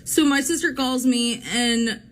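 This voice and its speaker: A young woman telling a dramatic story in casual chat, animated and swearing freely, acting out what people said. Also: high voice, measured pace. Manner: animated, swearing, acts out quotes.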